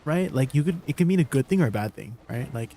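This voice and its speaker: A man's voice: mid-range voice, lively intonation, fast talker, warm tone, a little hiss or hum. A man streaming, chatting casually and playfully with viewers. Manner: playful, chatty, laughing, reacting.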